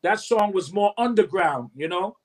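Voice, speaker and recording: In an interview, a high-voiced man in his fifties talks through his career as a recording artist at a moderate pace. He's a lively storyteller, voicing other people's lines and humming beats as he goes.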